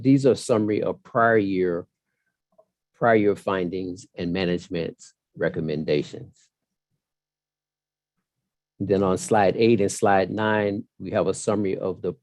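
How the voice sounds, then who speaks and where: Deep, dark-voiced man presenting. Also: dry recording. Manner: measured, formal, with some fillers. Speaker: audit firm partner presenting. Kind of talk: formal presentation at a council hearing.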